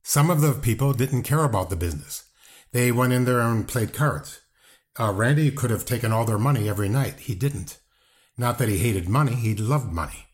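Animated and medium in pitch, the older man talks at an ordinary speed. He's being casually interviewed as a wrestling guest about his brother, swearing, rambling and restarting while staying blunt and on the defensive.

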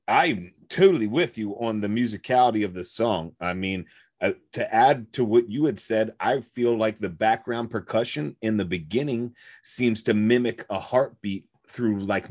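A man's voice: lowish voice, darkish tone. A man co-hosting a podcast, sharing his take on songs in casual chat, hesitant, with many fillers and restarts. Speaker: podcast co-host. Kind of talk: casual music review chat.

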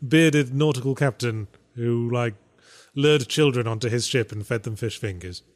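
A man's voice: mid-range voice, moderate pace. A man trading easygoing chat as a co-host. His humour is dry and sardonic. He often sounds mock-gloomy and unimpressed. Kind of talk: casual chat.

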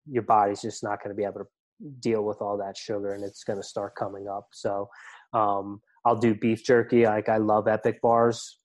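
Middle-aged male podcast guest, low and even, loose rambling chat. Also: moderate pace. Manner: rambling, filler-heavy, restarts words. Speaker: ultramarathon runner and coach, guest. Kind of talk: casual podcast conversation.

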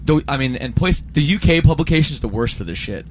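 A man hosting a podcast, talking in a relaxed and friendly casual way with a guest. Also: mid-range voice, fast, background noise. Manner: relaxed, friendly, shoots the breeze. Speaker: podcast host. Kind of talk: casual interview chat.

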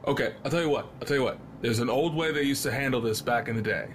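A man's voice: mid-range voice, fast, background noise. A man playing a tabletop role-playing game, talking in an eager, persuasive way. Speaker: player.

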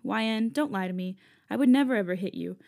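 A woman's voice: medium pitch, fast, creaky, dark tone, close to an everyday voice. A woman voicing a tearful young man who pleads with his partner in a fanfiction reading. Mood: pleading. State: choked up.

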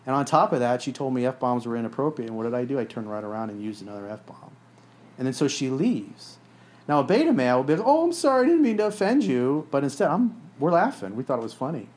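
A man's voice: mid-range voice, lively intonation, fast, darkish tone. A man hosting a podcast, telling stories in a blunt, profane, casual way. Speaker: podcast host.

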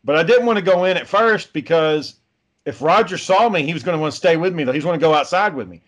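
A man's voice: a little high, lively intonation, fast talker, a bit bright. A man in his thirties telling a casual story, swearing freely and acting out what people said. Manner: profane, acts out quotes of people in the story.

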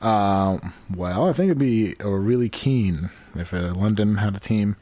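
A man's voice: on the low side, animated, measured pace, dark tone, no echo. A man co-hosting a podcast in casual, rambling chat, joking and swearing freely. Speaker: podcast co-host.

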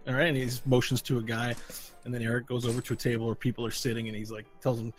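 A man narrating a tabletop game as game master, casual and halting, with frequent restarts. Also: medium pitch, flat delivery, soft background music.

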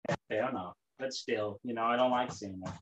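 A man's voice: medium pitch, steady tone, brisk, fairly bright tone, husky, muffled recording. A young man hosting a casual podcast, profane, rambling and exasperated. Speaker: podcast host.

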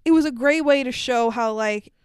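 A fairly high-voiced woman chats about a movie on a podcast, laughing often and swearing casually. Her voice is smooth and clear, recorded close and dry with no room sound. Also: moderate pace, dry recording. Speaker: podcast co-host. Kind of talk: casual movie recap chat.

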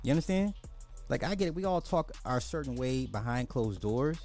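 A man's voice: medium pitch, expressive, normal speed, darkish tone, faint music behind. A man hosting a podcast, giving blunt, exasperated casual commentary, often restarting his sentences. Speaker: podcast host.

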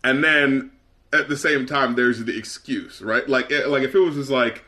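A man's voice: mid-range voice, normal speed, bright, forceful tone. A man co-hosting a podcast in casual chat, swearing and laughing often. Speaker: podcast co-host.

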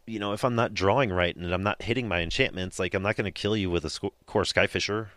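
A man's voice: low-pitched, quick pace, a bit bright, dry recording. A man hosting a casual podcast, rambling in a laid-back way with lots of fillers. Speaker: podcast host. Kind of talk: casual chat.

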